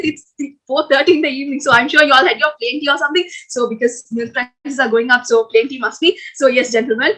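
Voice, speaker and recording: A young woman with a high voice hosts an online icebreaker game. She talks in a chatty, upbeat, coaxing way, full of fillers. She comes through a video call mic. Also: fairly even intonation, fast, few pauses, sharp tone, breathy edge, poor audio. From Sri Lanka. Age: young adult. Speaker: game host at a student club orientation. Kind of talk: casual online game hosting.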